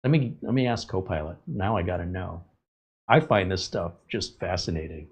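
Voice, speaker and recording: Low-voiced man rambling casually. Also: normal speed, noisy background. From US West Coast. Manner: chatty, gets loud and incredulous when joking. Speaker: tech channel host.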